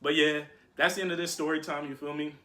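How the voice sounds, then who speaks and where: A young man telling a story to his viewers in a casual, slangy, animated way. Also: on the high side, quick pace. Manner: slangy, animated, keeps saying "you feel me".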